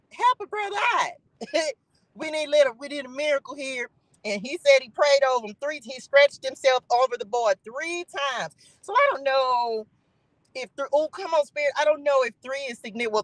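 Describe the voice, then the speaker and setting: A woman's voice: fairly high pitch, fairly bright tone, no echo, poor audio. Preachy woman giving a spiritual message. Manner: preachy, calls out to the Spirit, repeats phrases for emphasis. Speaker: spiritual reader and channel host.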